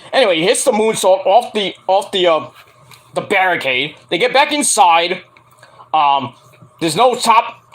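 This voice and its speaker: This wrestling reviewer has a high-sitting voice captured on poor audio. His recap is casual and profane, and he animatedly acts out quotes while peppering his speech with frequent ums.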